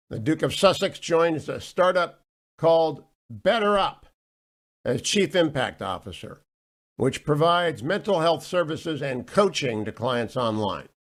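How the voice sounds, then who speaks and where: A middle-aged man hosting a talk radio show, wry and mocking with quick asides. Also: fairly high pitch.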